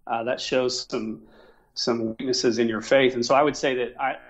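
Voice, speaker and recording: A middle-aged man from Oklahoma, a Christian missionary, talking casually in a halting way with many restarts and fillers. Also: medium pitch, fairly even intonation. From Oklahoma, USA. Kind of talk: casual conversation. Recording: dull lo-fi sound.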